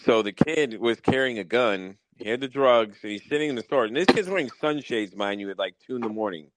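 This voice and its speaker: A man hosting a podcast, telling wild work stories in a casual, profane, animated way. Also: medium pitch, fairly quick, noisy background. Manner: profane, animated storytelling with mock exasperation. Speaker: podcast host. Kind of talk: casual storytelling chat.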